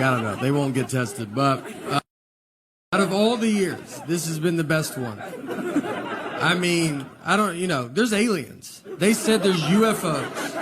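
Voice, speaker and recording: A middle-aged man with a Southern American accent doing stand-up comedy on stage, rambling through self-deprecating stories in a deadpan way. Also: a little high. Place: stage before a laughing crowd. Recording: live audience laughter and noise.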